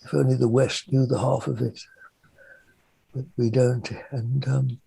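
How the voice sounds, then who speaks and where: Gravelly, husky older man from England. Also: medium pitch, little pitch movement, no room sound, poor audio. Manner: halting, gentle, often trails off softly. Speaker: interviewee, mystic and author. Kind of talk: reflective interview answer.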